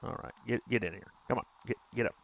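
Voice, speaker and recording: A man's voice: mid-range voice, fast, creaky, narrow, tinny audio. A young man giving casual gameplay commentary, chatting with viewers in a rambling, self-correcting way with mild exclamations. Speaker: gaming streamer.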